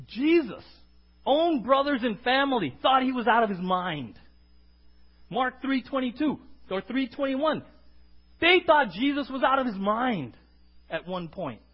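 A male preacher with a strikingly high voice that climbs and dives with great animation. He hurls call-and-response questions at the congregation. The recording is dull and lo-fi. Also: big pitch swings, moderate pace. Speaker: pastor. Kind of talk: sermon.

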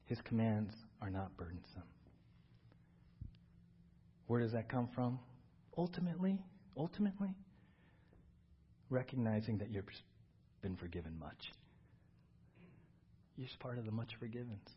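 A man's voice: medium pitch, animated, a little slow, pauses often, highs cut off, slight background noise. A man preaching a sermon to his church, earnest and repeating words for emphasis. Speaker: pastor. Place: church service.

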